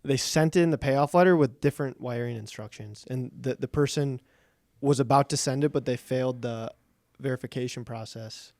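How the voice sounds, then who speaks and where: A man's voice: mid-range voice, normal speed, no room sound, clean studio sound. A man hosting a podcast who chats casually and loosely, often filling with "like.". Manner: relaxed, loose, frequent "like" fillers. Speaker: podcast host. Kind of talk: casual chat.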